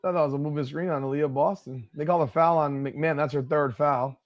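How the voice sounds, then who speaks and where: A man's voice: fairly high pitch, fairly even intonation, a little fast, muffled recording. Blunt, profane male watch-party streamer. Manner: blunt and profane, breaks into exasperated outbursts. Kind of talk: live play-by-play watch-along commentary.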